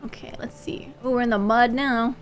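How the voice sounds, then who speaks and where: A woman streamer chatting casually while she plays a game, excitable and quick to swear. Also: on the high side. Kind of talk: casual gameplay livestream chat.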